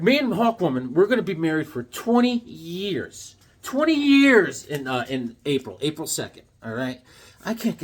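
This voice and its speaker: Brief: middle-aged man, husky and lively, chatty comic collector vlogging from home. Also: a little high. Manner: excitable, joking, chatty. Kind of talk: casual comic haul vlog with jokes.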